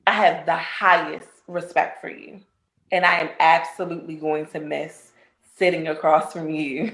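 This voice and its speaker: Woman co-host, low voice, gravelly texture, roomy echo, heartfelt farewell tone. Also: fairly even intonation, a little slow. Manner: warm, affectionate, laughing between lines. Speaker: talk show co-host.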